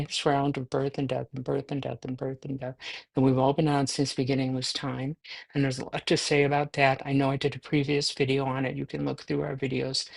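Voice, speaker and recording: A Buddhist nun giving a conversational dharma talk, with a self-deprecating, filler-heavy way of speaking. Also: female voice, rumbling low, creaky. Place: livestreamed talk.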